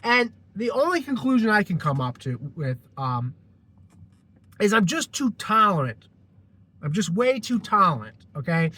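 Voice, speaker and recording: Male vlogger, high bright voice, casual rant, stumbles and restarts, lots of cursing. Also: big pitch swings, a little slow. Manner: rambling, restarts a lot, heavy swearing. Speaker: vlogger telling a personal story.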